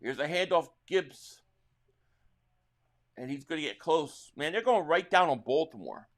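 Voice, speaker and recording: A man hosting a live sports reaction stream, calling plays excitedly and answering chat, his voice a little worn. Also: a little high, a little slow. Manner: excitable play-by-play calling, reading viewer chat. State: slightly losing his voice.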